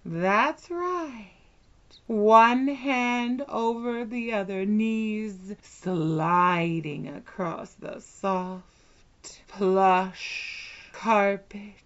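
A woman in a whispered role-play who talks with a very slow, unhurried pace, drawing out each word in a soft, commanding tone. Her pitch sits mid-range for a woman, and the whole thing comes through a dull, lo-fi recording. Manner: slow, soft, commanding, drawn-out hypnotic delivery. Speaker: hypnotist in a dominant role-play.

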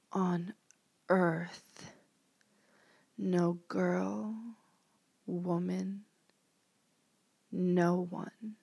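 A woman in a whispered role-play, speaking as a commanding mistress in a slow, hypnotic whisper. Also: medium pitch, gravelly, darkish tone, husky, dry recording.

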